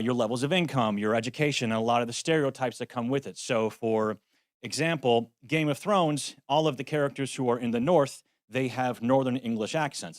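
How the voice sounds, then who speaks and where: A man presents at a conference in a practical, explanatory way, slipping in wry jokes at his own expense. His voice sits at an ordinary middle pitch and is recorded close and dry, with almost no room sound. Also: no echo. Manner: practical, wry, self-deprecating asides. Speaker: voice actor giving a conference talk. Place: conference venue.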